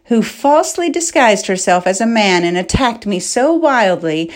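A woman's voice: medium pitch, darkish tone, natural voice. A woman reading a novel aloud, voicing an indignant male king who declaims accusations to a crowd.

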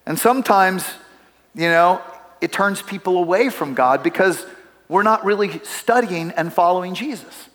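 A middle-aged man preaches from a church platform with a fairly high voice. He talks in a relaxed, conversational way, telling stories and turning to the congregation with asides. His voice carries a long reverb through the sanctuary. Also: normal speed. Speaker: pastor. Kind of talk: sermon.

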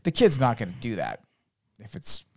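A man in his thirties in casual chat, telling lively, profane stories about his son and acting out the boy's lines. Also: mid-range voice, normal speed, gravelly, no room sound, studio quality. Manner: animated storyteller, swears freely, acts out his son's voice.

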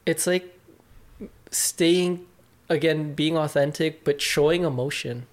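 A man's voice: a little high, slow. A young man talking openly as a podcast guest, reflective and casual, with lots of filler words and some swearing. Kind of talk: candid conversation.

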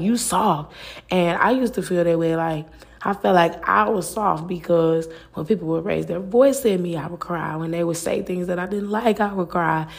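Female podcast host, low pitch with vocal fry, earnest casual delivery, lots of "like". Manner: earnest, repeats phrases, many "like" fillers. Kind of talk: casual faith-based talk.

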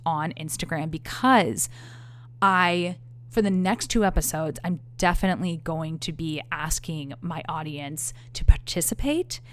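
Young woman podcasting solo, swears a lot, lowish voice, animated storytelling. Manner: candid, profane, animated storytelling. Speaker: podcast host. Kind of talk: casual storytelling monologue.

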